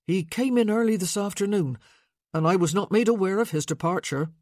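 A woman's voice: medium pitch, fairly quick, darkish tone, no room sound, studio quality, pitched above the performer's own voice, lightly acted. A woman voicing a polite male footman who answers formally and deferentially in an audiobook. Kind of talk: audiobook character voice.

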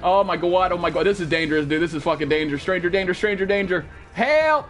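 High-voiced panicky male game streamer. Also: fairly even intonation, very fast. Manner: panicky, profane, yelling for help. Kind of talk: live gameplay commentary.

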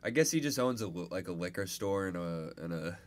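A man co-hosting a podcast in crude comedic banter, loud, profane and jokey. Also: sits low, animated, brisk, slight background noise. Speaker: podcast co-host.

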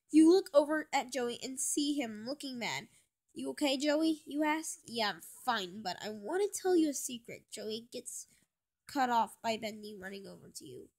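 A young woman reading her own fan story aloud, stumbling and restarting often. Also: high voice. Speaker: fan fiction reader.

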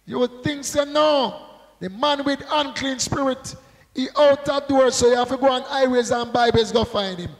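A man's voice: very high voice, normal speed, big-room sound, rough recording. A male pastor preaching a sermon, drawing out call-and-response with rhetorical questions and prompts to the congregation.

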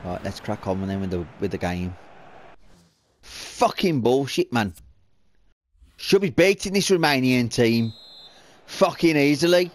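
A man's voice: mid-range voice, big pitch swings, a little slow, long pauses. A man commentating on his own football video game, swearing and venting his frustration. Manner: profane, frustrated outbursts at the game. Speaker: gaming video creator.

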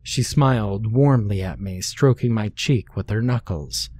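A man narrating a scary story in a steady, measured way. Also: fairly low pitch. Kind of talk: scripted horror story narration.

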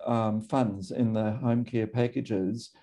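A middle-aged Australian man, a GP, speaking in a measured, thoughtful way with frequent pauses and ums. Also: fairly low pitch, fairly even intonation, mellow. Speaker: GP and medical association guest. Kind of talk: recorded conversation.

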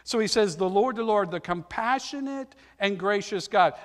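A man preaching a sermon, reading scripture aloud and swinging between loud emphasis and softer passages. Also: high-pitched, normal speed, few pauses, big-room sound. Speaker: pastor. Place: church sanctuary.

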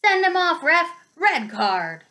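A woman voicing an angry schoolboy shouting from the stands. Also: fairly high pitch, very animated, normal speed. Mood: furious.

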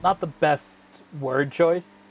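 While racing in a game, a gaming channel host tells a rambling, profane story full of slang fillers. His voice is on the high side, slow and creaky, with a little hiss or hum in the recording.

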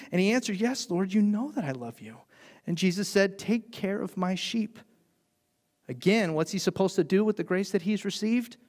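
A man preaching a sermon as pastor, telling the story in an animated way and briefly acting out the voices of the people in it. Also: a little high. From United States.

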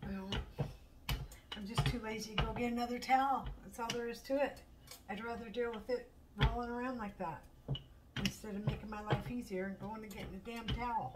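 A woman chats casually as she cooks in her home kitchen, chatty, self-mocking, and laughing often. Her voice is on the high side and a little fast, heard through a distant mic over steady background noise.

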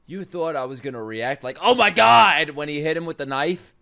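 A man's voice: fairly high pitch, fairly quick, clear, resonant tone. A man hosting an anime reaction, exclaiming, swearing and joking as he watches. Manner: animated, exclaiming, swearing, cracking jokes. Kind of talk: live anime reaction commentary. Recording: show's music playing behind the voice. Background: anime soundtrack music.

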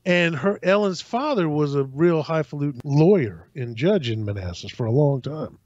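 A man casually telling a long personal story on a podcast, acting out other people's lines in an animated way. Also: a little high, normal speed, no echo. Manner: animated, acts out voices in anecdotes. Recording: dry, slightly dull sound.

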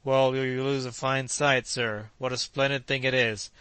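A man's voice: mid-range voice, little pitch movement, unhurried, pushed and bright, clear, resonant tone, no echo. A man voicing a cheerful, loyal young manservant who talks eagerly in an audiobook.

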